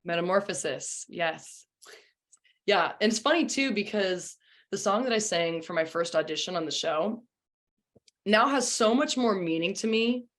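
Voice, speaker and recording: A woman's voice: mid-range voice, lively intonation, measured pace, fairly bright tone. A young woman, a singer and former contestant, chatting casually in an interview with lots of "you know" and "um". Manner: chatty with many fillers like 'you know' and 'um'.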